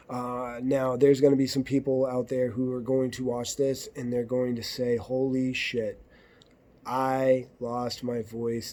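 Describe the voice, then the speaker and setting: Blunt, mellow-voiced man talking casually. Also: mid-range voice. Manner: blunt, profane, conversational, acts out quoted partners. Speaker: podcast host. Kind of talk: casual monologue.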